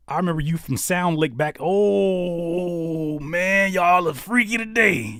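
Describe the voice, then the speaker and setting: Guy on a live stream, joking around and cussing, voice jumps all over, kinda high, dry sound. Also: unhurried, no echo. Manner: animated joking banter, slangy and profane; reads out chat comments and teases viewers. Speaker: rapper and streamer reacting to viewer music. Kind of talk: live-stream casual chat.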